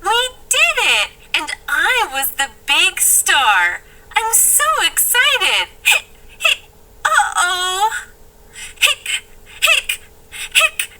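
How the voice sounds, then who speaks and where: A woman voicing an eager, bossy young girl who is the star of a show, with squealing excited exclamations. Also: very high voice, extremely slow, slight background noise, exaggerated voice, low-quality recording. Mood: thrilled.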